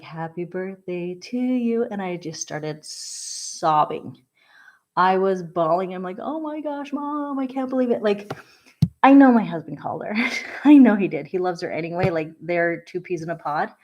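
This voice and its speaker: A woman speaks to her viewers in a loose, candid vlog, her voice sitting a little on the low side. She rambles through her thoughts with plenty of fillers and small laughs. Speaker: vlogger. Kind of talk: candid casual vlog talk.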